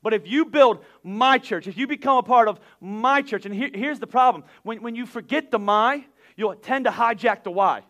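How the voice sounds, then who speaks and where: A man, preaching a sermon with energetic, repetitive emphasis that builds to loud peaks. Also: very high-pitched, moderate pace. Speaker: pastor.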